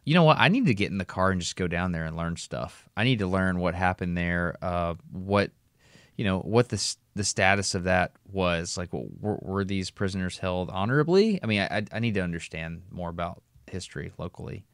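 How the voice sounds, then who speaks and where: A man with a Southern US accent, co-hosting a podcast, talking in an animated way and thinking aloud. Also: low voice, a little fast, clear, resonant tone, no room sound, studio quality. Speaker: podcast co-host. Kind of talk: casual conversation.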